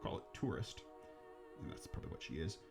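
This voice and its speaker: A man's voice: mid-range voice, wildly swooping pitch, brisk, loud music behind the voice. A man co-hosting a podcast, telling ghost stories in casual, rambling chat, joking, swearing and laughing at his own jokes. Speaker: podcast co-host.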